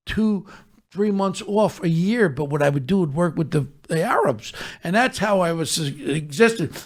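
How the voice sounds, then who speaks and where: Gravelly older New man. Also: high voice. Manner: profane, blunt, streetwise. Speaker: storyteller on his own podcast. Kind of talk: casual storytelling.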